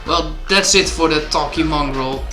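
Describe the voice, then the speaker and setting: A man's voice: on the high side, moderate pace, close to an everyday voice. A man voicing an easygoing, chatty young male bird in a game, talking in a breezy way. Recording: roomy, game music behind.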